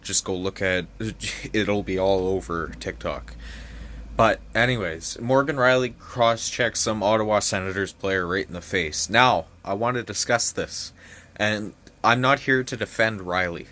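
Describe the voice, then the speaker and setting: A man's voice: lowish voice, a bit bright. A young Canadian man ranting casually about a topic he feels strongly about, swearing a lot and getting worked up. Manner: heavy swearing, fired-up and frustrated. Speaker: vlogger. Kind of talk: casual opinion rant.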